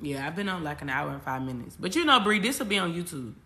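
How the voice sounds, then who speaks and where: A woman with a voice on the low side talks fast and very animatedly, in a sharp tone, while hosting a casual astrology livestream. As a spiritual coach she speaks straight to her audience, emphatic and repetitive, with slang and swearing.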